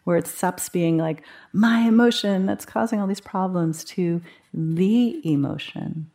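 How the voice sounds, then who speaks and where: Relaxed, chatty woman teaching meditation. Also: lowish voice, unhurried. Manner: conversational, animated, acts out inner thoughts in quotes. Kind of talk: guiding a live retreat group. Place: meditation hall at a retreat.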